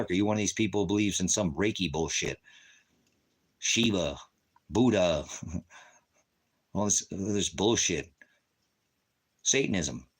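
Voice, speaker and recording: A middle-aged man with a very deep, low voice hosts a ministry livestream and answers his chat. He swears freely and taunts his critics in a combative way. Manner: profane, combative, taunting, with bursts of laughter. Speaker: ministry host.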